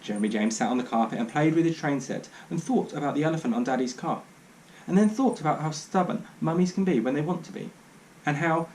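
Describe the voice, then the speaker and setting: A man's voice: fairly high pitch, quick pace, a little mellow, a little hiss or hum, low-quality recording. A man reading a children's book aloud in a dry, wry narrating manner. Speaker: storyteller.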